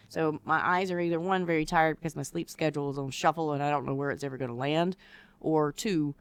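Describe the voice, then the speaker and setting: Heard on a dry recording, the woman chats casually as a podcast co-host who teaches decorative rod wraps. Her voice is smooth and low, and she animatedly reenacts the ways she once reacted.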